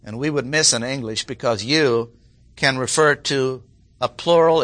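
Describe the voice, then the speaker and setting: A man preaching an expository sermon, emphatic, clearing his throat now and then and acting out quoted lines. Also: medium pitch, lively intonation, measured pace, fairly bright tone. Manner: clears throat often, restarts phrases.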